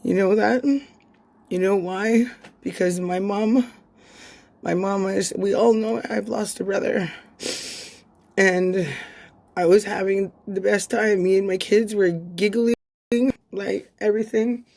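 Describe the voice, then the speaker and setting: A woman's voice: medium pitch, fairly even intonation, takes it slowly, creaky, long pauses, darkish tone. A woman in her thirties, crying as she makes an emotional, rambling plea in a vlog, swearing and repeating herself. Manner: raw, repetitive, swears, rallying plea.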